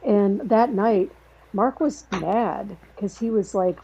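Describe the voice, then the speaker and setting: Middle-aged woman guest, relaxed husky voice, halting storyteller, dull lo-fi recording. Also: mid-range voice. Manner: rambling, halting, acts out quoted dialogue. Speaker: podcast guest, sister. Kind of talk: casual conversational storytelling.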